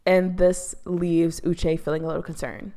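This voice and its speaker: A woman's voice: lowish voice, level tone, moderate pace, warm tone. A woman hosting a casual TV recap, talking in a chatty, gossipy way full of fillers. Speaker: YouTube commentary host.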